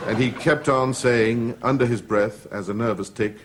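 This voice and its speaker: Speaking at normal speed with a medium pitch and fairly even intonation, this middle-aged talk show guest shares funny anecdotes like a witty raconteur. The TV studio is noisy, with a crowd audible behind him.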